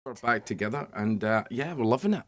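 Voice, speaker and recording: A middle-aged Scottish man in a radio studio, chatting in a casual interview, halting and rambling with many restarts. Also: medium pitch, animated, no room sound. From Scotland. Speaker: band member guest.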